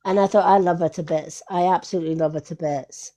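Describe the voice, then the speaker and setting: A woman telling a lively anecdote in casual livestream chat, full of "I says" and "she goes". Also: lowish voice, fast talker. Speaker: tarot card reader.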